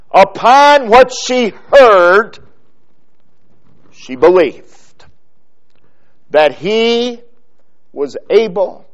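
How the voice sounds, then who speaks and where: Slow, high-voiced preacher, lo-fi. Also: male voice. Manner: slow and deliberate, stressing single words, trailing off low at phrase ends; quotes scripture in old-fashioned phrasing. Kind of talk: sermon. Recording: dull lo-fi recording.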